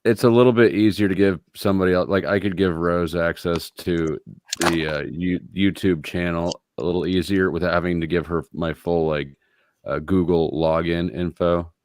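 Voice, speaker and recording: A man's voice: sits low, steady tone, normal speed, a little mellow, slight background noise. A man hosting a live online panel, joking and explaining things in an offhand way. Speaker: host. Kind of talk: casual live panel chat.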